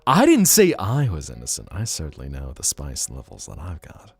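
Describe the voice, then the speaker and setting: A man's voice: extremely low pitch, wildly swooping pitch, moderate pace, husky, no echo. A man streaming live, chatting casually and playfully teasing his viewers as he reacts to chat. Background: faint guitar music.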